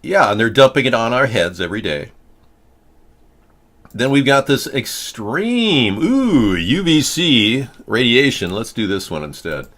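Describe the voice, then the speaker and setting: A man's voice: medium pitch, sing-song, unhurried, fairly bright tone. A man hosting a casual political talk show, rambling from story to story with a joking, sarcastic manner. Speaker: host.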